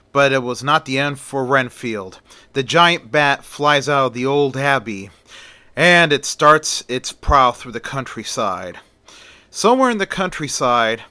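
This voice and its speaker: A man's voice: medium pitch, bright, forceful tone, no room sound. A man telling a horror story in a loose, conversational way, narrating the scenes himself. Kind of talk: casual retelling of a horror story.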